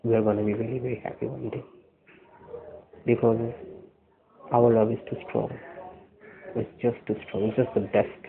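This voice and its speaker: Tender man, tinny phone-like recording. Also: medium pitch. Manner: tender, earnest, halting with restarts. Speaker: boyfriend recording a love message. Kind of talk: personal video message.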